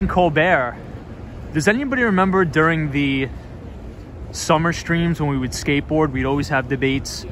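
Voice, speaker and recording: A man hosting a casual live stream while walking outdoors on busy city streets, chatting and answering viewer comments into a handheld phone. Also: fairly high pitch. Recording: city street noise behind. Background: city street traffic noise.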